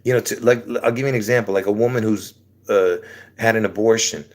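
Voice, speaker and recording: Man, deep low voice, sore throat, casual livestream preaching, rambling, chuckling, repeated "all right?". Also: fast talker. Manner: rambling, keeps asking "all right?", chuckles between phrases. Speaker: online preacher hosting his channel.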